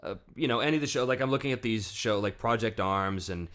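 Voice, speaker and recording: A man's voice: lowish voice, quick pace, a bit bright. A man hosting a podcast, interviewing a guest in casual chat and joking often. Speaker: podcast host.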